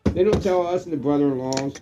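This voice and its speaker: A middle-aged man who is getting drunk, chatting loosely on a livestream, rambling, swearing and breaking into excited shouts. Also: fairly high pitch, quick pace, dull audio, noisy background. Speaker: live stream co-host. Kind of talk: casual livestream chat.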